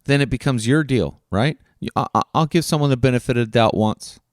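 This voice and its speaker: A man's voice: mid-range voice, fairly quick, dry recording, studio quality. A man hosting a podcast, giving an earnest, coaching self-help monologue full of questions, frank and given to casual swearing. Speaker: podcast host.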